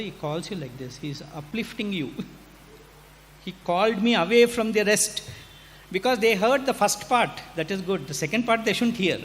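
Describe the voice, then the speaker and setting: High-voiced older man telling a story. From India. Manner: animated, humorous, acts out dialogue. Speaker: hostel warden giving an address. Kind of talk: anecdotal storytelling speech. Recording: hall reverb with faint background noise.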